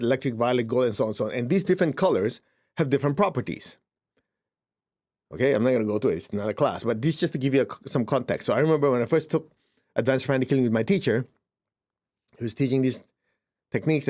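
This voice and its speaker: A man teaching spirituality in a conversational way, checking in with his listeners often and jumping up in pitch for emphasis. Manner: lively, swings up in pitch for emphasis. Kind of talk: informal spiritual talk.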